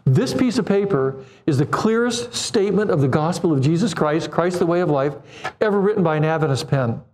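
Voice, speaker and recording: A man in his seventies preaching a sermon, animated, acting out quoted voices and putting questions to the congregation. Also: a little high, fairly quick. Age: 70s.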